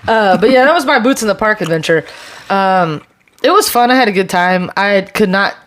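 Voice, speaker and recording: A woman's voice: mid-range voice, expressive, moderate pace. A young woman co-hosting a podcast, telling a story in casual chat, swearing a lot and laughing as she goes, talking while she chews food. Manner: talks while chewing spicy food. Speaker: podcast co-host.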